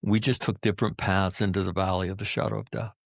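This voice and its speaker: A man's voice: sits low, fairly even intonation, fast, gravelly, no room sound, clean studio sound. A middle-aged man, a Marine combat veteran, telling stories in a podcast interview, blunt and profane, hammering his points home with repeated phrases. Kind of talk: candid podcast interview storytelling.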